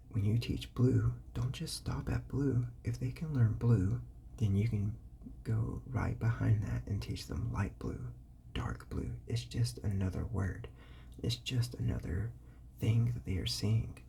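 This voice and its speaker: Gravelly, dark ASMR whisper. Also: mid-range voice. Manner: soft whisper, slow sounding-out of words; casual, with fillers and self-corrections. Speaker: ASMR host giving parenting advice.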